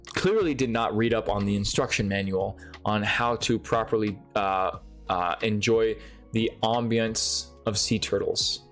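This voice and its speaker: Excitable, swearing young man telling a story. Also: medium pitch. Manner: profane, excitable, lively storytelling. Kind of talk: animated storytime to camera. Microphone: speaking to a camera.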